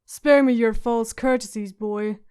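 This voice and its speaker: A woman's voice: fairly high pitch, fairly even intonation, measured pace, darkish tone, smooth, natural voice. A woman voicing a sardonic, witty dwarf lord who speaks in a dry, mocking way. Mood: wry.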